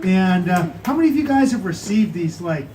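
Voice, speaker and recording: Man, show host, high voice, loose chatty delivery, echoey noisy room. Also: lively intonation, brisk. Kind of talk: live show hosting. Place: live show venue. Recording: echoey room with background noise.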